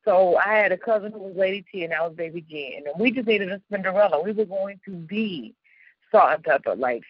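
A woman from the suburbs of Chicago hosting a radio show, telling personal stories in a casual, animated way with slang and frequent laughter. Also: medium pitch, fairly quick, breathy edge, dry recording, lo-fi sound. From Chicago suburbs, United States. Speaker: radio host. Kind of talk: casual storytelling chat.

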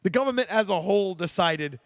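A man's voice: high voice, expressive, brisk, no echo. A young man hosting a casual solo sports show, ranting emphatically and laughing often.

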